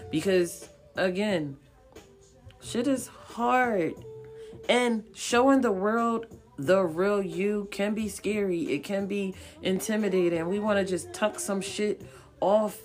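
This tarot card reader speaks slowly in a mid-range voice, with faint music playing behind her. She reads for viewers casually, swearing bluntly while encouraging them and hammering her points home through repetition.

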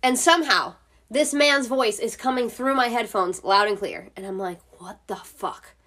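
A woman's voice: a little high, moderate pace, fairly bright tone. A woman hosting a casual solo podcast from home, telling stories in a chatty way, swearing freely and filling her talk with "like.". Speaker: podcast host.

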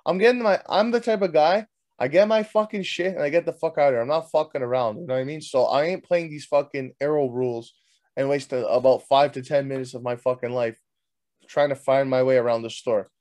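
A man's voice: mid-range voice, a little fast, darkish tone. A young man hosting, telling a story as a crude, heated comic rant full of swearing. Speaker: host. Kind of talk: profane comedic rant.

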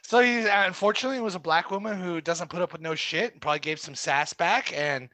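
A man's voice: high voice, quick pace, no echo. A man co-hosting a podcast, chatting casually and joking around with lots of swearing. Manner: animated, jokey, profane. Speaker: podcast co-host.

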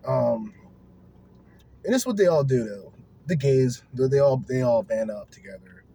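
A man's voice: mid-range voice, lively intonation, moderate pace, warm tone, breathy edge. Brash joking young man, podcast host. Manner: brash, joking, laughs often, mimics voices. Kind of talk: casual podcast chat.

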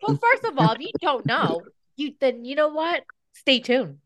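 High, bubbly woman podcast co-host. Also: huge pitch swings, normal speed, a loud crowd. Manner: bubbly, peppered with "like". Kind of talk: casual podcast chat.

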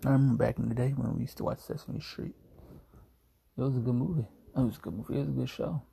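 A man's voice: mid-range voice, quick pace, vocal fry, mellow, husky. A young man hosting a casual solo podcast from home, groggy and yawning after a nap, rambling in a laid-back, jokey way. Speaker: podcast host.

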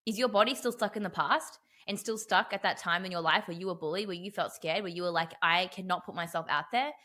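Bright-voiced blunt woman podcast host. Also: fairly low pitch, fast. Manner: emphatic, blunt, swears casually. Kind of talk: casual chat.

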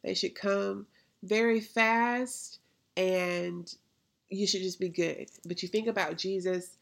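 Gravelly-voiced woman preaching conversationally. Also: medium pitch, fairly even intonation, takes it slowly, a bit bright. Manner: conversational preaching with rhetorical questions. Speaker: podcast host. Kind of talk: faith podcast monologue.

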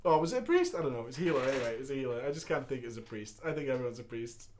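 A man's voice: mid-range voice, racing, slight background noise. A man hosting a show, reading a viewer's gaming story aloud with crude, laughing comedic commentary. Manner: animated, profane, laughs often.

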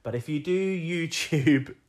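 A man's voice: a little high, slow. A young man co-hosting a podcast, chatting casually, explaining at length and laughing often. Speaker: podcast co-host.

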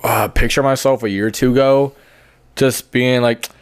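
A man's voice: medium pitch, steady tone, moderate pace, smooth. A man co-hosting a podcast, talking in loose, jokey, swearing banter. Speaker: podcast co-host. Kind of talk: casual chat.

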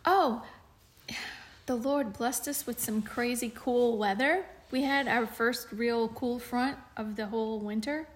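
A woman's voice: fairly high pitch, measured pace. A woman co-hosting a podcast, telling a story in casual chat with plenty of fillers and restarts. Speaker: podcast co-host.

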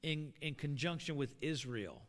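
A middle-aged man preaching a sermon, animated and building to shouts. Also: a little high, normal speed. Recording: long reverb of a hall.

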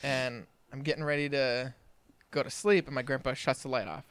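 A young man co-hosting a casual podcast, telling a childhood story with lively acted-out quotes and laughter. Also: medium pitch, moderate pace, clear, resonant tone, no echo. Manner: animated storyteller, acts out quoted family voices and laughs through his story. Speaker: podcast co-host.

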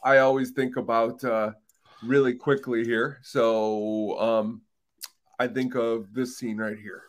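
A man co-hosting a film podcast in a casual, easygoing chat. He agrees readily and restarts his sentences often. His voice has a middle pitch. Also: little pitch movement, slow pace. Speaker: podcast co-host.

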